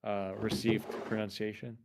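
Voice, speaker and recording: A man's voice: fairly low pitch, flat delivery, moderate pace, background noise. Wry man chatting on a game call. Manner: wry, playful, ponders aloud. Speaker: co-player. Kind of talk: casual gaming chat.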